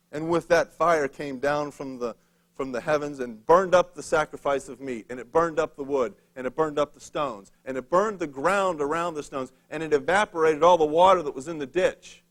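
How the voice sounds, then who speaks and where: A man's voice: fairly high pitch, moderate pace. Man preaching a sermon, casually humorous. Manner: casual, conversational retelling with humor. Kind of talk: storytelling sermon.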